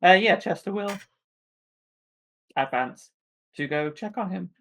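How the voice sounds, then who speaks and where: Slow-talking male player. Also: high voice, vocal fry, a bit bright. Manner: slow, thinking aloud, laughs often. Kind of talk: casual tabletop play.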